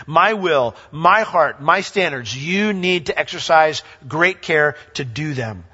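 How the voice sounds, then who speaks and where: A male pastor preaching a sermon in an animated way, reading scripture aloud and acting out little dialogues. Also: on the high side, a little slow, few pauses, slightly rough. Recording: lo-fi sound with long hall reverb.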